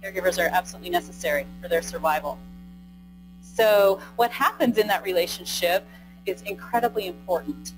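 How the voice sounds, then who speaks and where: In a conference room before a live audience, a woman presents a training lecture in a lowish voice. She keeps it conversational, adds "right?" to her points, and poses questions to the audience, though the audio is poor.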